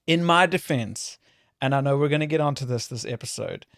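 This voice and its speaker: A man's voice: mid-range voice, brisk, creaky, a bit bright, dry recording, clean studio sound. A man co-hosting a podcast in casual chat, easygoing and self-deprecating. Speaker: podcast co-host.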